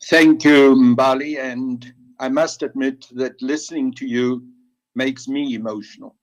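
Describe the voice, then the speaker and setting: A man hosting a political audio chat, replying in an earnest, measured way. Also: medium pitch, steady tone, rough recording. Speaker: host.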